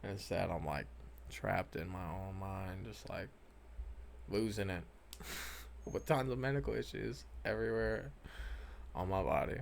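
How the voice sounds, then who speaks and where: Gravelly young man rambling, lots of swearing. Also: deep voice, unhurried, pauses often, a little hiss or hum. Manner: rambling, swears often, trails off. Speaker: gaming vlogger. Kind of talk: casual talk over gameplay footage.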